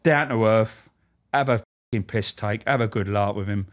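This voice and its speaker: A man, a former prison officer, telling profane, animated stories as a podcast guest. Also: lowish voice, moderate pace. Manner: animated, profane, laughing storyteller. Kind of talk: anecdotal storytelling.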